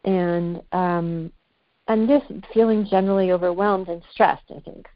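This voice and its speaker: A woman's voice: fairly low pitch, steady tone, unhurried, dry recording. A woman talking candidly as a podcast guest, reflective and searching for her words. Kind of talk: candid casual conversation. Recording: muffled, dry, lo-fi.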